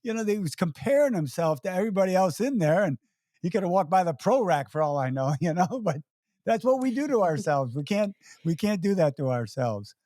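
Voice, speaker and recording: A man's voice: high voice, sing-song, a little fast, dark tone, dry recording, clean studio sound. A man hosting an interview, laughing easily and retelling stories with quoted voices. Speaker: host. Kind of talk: casual interview conversation.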